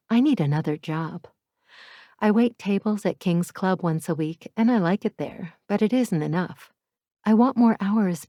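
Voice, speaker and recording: A woman reads a first-person romance audiobook with a candid, self-mocking wit. Her voice is somewhat low, and the recording is dry with no room sound. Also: dark tone, no echo. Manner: wry, candid, self-deprecating. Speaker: audiobook narrator.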